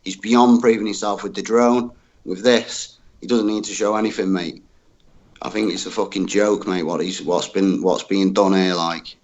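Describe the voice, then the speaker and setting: A man's voice: low-pitched, steady tone, moderate pace, a little mellow. Blunt, swearing man on a dull call line. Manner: blunt, swearing, says "mate" constantly. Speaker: call-in guest on a livestream. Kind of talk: casual livestream talk.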